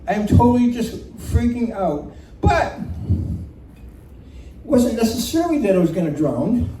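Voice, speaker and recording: Guy telling a funny story on stage, mellow high voice, echoey room, sounds a bit far from the mic. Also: a little hiss or hum. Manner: animated, laughs through the telling. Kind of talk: live personal storytelling. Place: community center room. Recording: roomy hall recording from off-mic.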